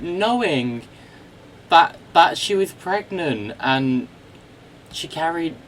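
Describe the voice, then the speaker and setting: A man hosting a livestream, giving casual, gushing reactions in a chatty, drawn-out way. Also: a little high, slight background noise. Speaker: livestream host.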